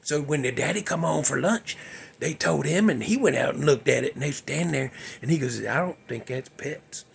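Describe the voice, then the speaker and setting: A man hosting his show, telling a ghost story in a drawling, folksy way that drops into hushed whispers. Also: on the high side, a little fast. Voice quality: gravelly, raspy. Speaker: show host.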